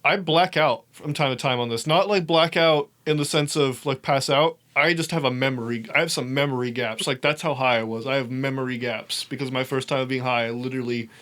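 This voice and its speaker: A young man telling a story in a casual, animated way, swearing often and laughing as he talks. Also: mid-range voice, fairly quick, few pauses. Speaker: podcast host.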